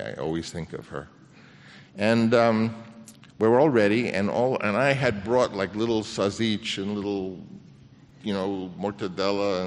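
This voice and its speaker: An older man, a film director, telling an anecdote on stage in a halting way with many restarts, acting out the voices he quotes. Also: deep voice, a little hiss or hum. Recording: long reverb of a hall.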